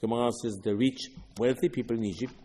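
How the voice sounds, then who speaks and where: Guy teaching torah, kinda husky voice, big echo, gets loud then drops way down. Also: medium pitch, fairly even intonation, fast talker. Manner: emphatic, swings loud and soft, repeats words. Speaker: rabbi. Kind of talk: Torah lecture. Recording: long reverb, slightly husky voice.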